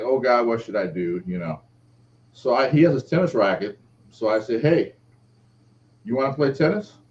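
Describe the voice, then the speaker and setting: A middle-aged man, an author being interviewed, telling a personal story and acting out the quoted voices. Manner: lively, acts out quoted speech with shifting pitch. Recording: dull lo-fi audio with faint background noise.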